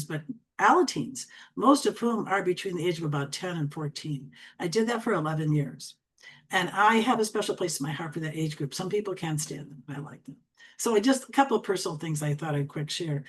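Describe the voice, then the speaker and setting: This is a woman in her sixties, originally from Wisconsin, with an Upper Midwest American accent. She speaks quickly and chattily as she runs an online training, with a folksy, friendly delivery. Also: fairly low pitch, lively intonation, breathy edge. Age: 60s. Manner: chatty, fast-talking and folksy. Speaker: LinkedIn coach.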